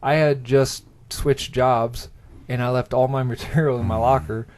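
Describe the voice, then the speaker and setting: A man's voice: mid-range voice, steady tone, normal speed, darkish tone. A man hosting a casual podcast chat, rambling and joking, often restarting his sentences. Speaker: podcast host.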